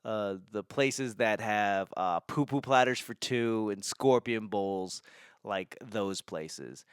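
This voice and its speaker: A man's voice: on the low side, slow pace, clean tone, no echo, studio quality. A young man from New England hosting a podcast, rambling casually with self-mocking humor, frequent swearing and laughter. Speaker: podcast host. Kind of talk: casual monologue.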